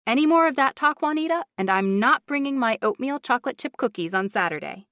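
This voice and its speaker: A woman narrator voicing an eager young newlywed woman who is quick to object. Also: high voice, lively intonation, fairly bright tone, no echo, studio quality, pitched above the performer's own voice.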